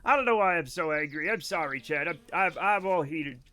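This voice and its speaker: A man streaming a game live, chatting casually with his viewers; he rambles, gets excitable and mock-angry, and swears freely. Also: on the high side, brisk. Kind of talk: casual live-stream chat while gaming.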